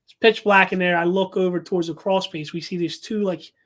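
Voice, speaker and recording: A man's voice: sits high, steady tone, fairly quick, a bit bright. A man telling a story as a guest paranormal investigator, talking casually with many fillers and restarts.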